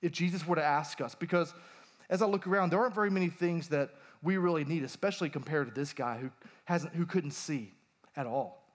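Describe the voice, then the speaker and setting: A man preaching a sermon as pastor, lively and acting out the voices he quotes. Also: a little high, a little fast. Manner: animated, acts out quoted voices.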